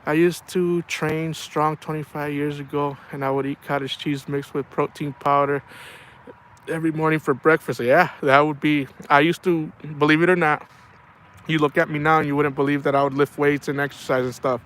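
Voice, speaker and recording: A man's voice: a little high, level tone, moderate pace, fairly bright tone. A middle-aged man chatting casually on a livestream, telling rambling stories and saying "man" a lot. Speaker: livestream host.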